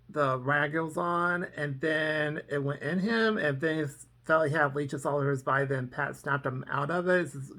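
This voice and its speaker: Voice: medium pitch, sharp tone. A casual reviewer recapping a TV episode in a rambling way, full of "um" and "and so", and acting out the characters' lines. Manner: rambling, with many ums and "and so"; acts out characters' lines in quotes. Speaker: TV reaction reviewer.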